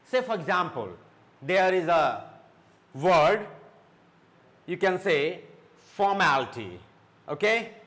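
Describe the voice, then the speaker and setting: Slow, lively-voiced teacher. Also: male voice, sits high. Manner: slow, repeats words and says okay often; mixes Hindi explanations into English. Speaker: English teacher. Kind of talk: spoken English lesson.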